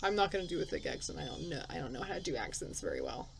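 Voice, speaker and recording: A woman with a deep, creaky, husky voice races along with huge swings in pitch, captured on a rough recording. She's a let's player working through a story game, reading its text aloud, thinking out loud in casual, chatty commentary, and laughing at herself.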